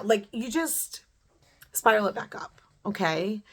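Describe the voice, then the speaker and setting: A woman's voice: mid-range voice, moderate pace. A woman in her thirties giving an earnest, repetitive motivational pep talk to camera, as in a home beauty vlog. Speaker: beauty vlogger.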